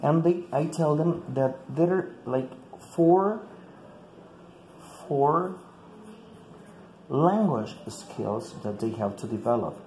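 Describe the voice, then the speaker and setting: A man's voice: a little high, lively intonation, slow, pauses often, warm tone. Man explaining teaching steps. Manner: explains step by step with frequent "like" and repeats. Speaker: English teacher. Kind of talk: teacher training talk. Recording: echoey room with faint ambient noise.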